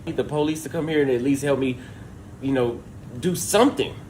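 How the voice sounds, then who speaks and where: A man's voice: medium pitch, brisk, a little mellow, slight background noise. A man on a livestream recounting a theft in an exasperated, profane rant, acting out what others said. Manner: exasperated, profane, acts out dialogue. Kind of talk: animated storytelling rant.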